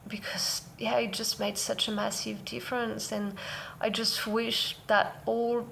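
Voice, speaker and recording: A woman vlogger sharing a personal parenting story in an earnest, soft-spoken, reflective way. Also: fairly high pitch, level tone, a little slow, vocal fry, a little hiss or hum. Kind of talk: heartfelt personal sharing to camera.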